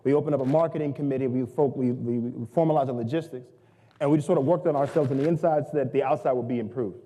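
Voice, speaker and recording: A young adult man giving a humorous storytelling talk, self-mocking and lively, acting out the people in his stories. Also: medium pitch, quick pace. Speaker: guest speaker. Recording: long hall reverb.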